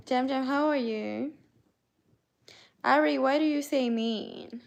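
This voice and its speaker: A woman's voice: high-pitched, takes it slowly, vocal fry, pauses often. A woman from Canada hosting a casual livestream, chatting with viewers, greeting them by name and reading out their messages. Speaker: livestream host. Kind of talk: casual live-stream chat with viewers.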